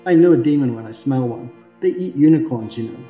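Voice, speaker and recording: A sassy, cowardly unicorn, as a man reading a fantasy novel puts him on, blunt and firmly looking out for himself. The voice is dark and mellow and sits a little higher than the reader's own. The sound is dull and lo-fi. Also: animated, fast talker, reverberant, faint music behind, natural voice. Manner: blunt and self-protective.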